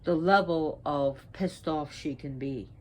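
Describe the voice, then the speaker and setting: A woman speaking as a priestess, sick and short of breath, talking in a slow, halting way with restarts. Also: sits low, darkish tone. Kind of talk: spoken talk on mythology.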